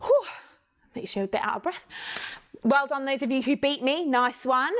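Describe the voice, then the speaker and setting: An English woman teaching children a singing warm-up online, counting along and encouraging them. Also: high voice, normal speed.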